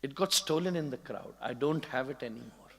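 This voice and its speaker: A man's voice: mid-range voice, fairly quick, gravelly. A man voicing a humble devotee who meekly apologizes, in a reverberant hall. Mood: apologetic. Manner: meek, apologetic, quieter.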